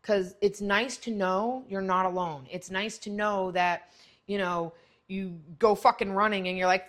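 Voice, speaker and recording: A middle-aged woman hosting a podcast, talking bluntly in a rambling, profane monologue that jumps to loud, high exclamations. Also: fairly even intonation, measured pace. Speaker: podcast host. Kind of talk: casual monologue.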